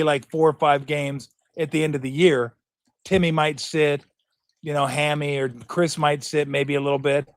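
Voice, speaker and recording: Brief: middle-aged male sports host, fired-up and profane, slightly high voice, dry close sound. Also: no echo. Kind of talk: casual sports talk rant.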